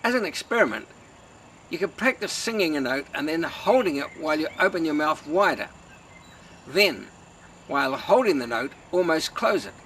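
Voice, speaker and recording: A man giving a calm, measured lesson on singing technique. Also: fairly high pitch, slight background noise, low-quality recording. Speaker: singing teacher. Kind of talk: instructional talk.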